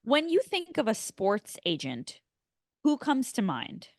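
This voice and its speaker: A woman co-hosting a casual film podcast, chatting with quick reactions and questions. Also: on the high side, huge pitch swings, no room sound, clean studio sound. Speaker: podcast co-host.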